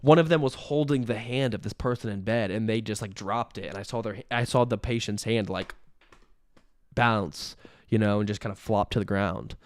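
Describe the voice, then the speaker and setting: A young man doing a rambling comic monologue, deadpan and self-pitying, sometimes cracking up at himself. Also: lowish voice, normal speed, no echo. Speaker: comedian.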